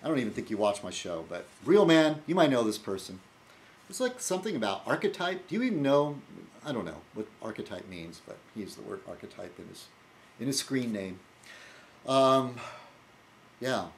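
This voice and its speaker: A man's voice: mid-range voice, sing-song, moderate pace, a little hiss or hum. A man talking casually in his weekly video blog, rambling and wry, with frequent fillers and restarts. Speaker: video blogger.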